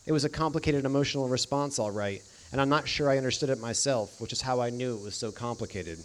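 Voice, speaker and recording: A man narrating an audiobook in the first person with a deadpan, dry delivery. His pitch sits in the middle of the range for a man. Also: quick pace.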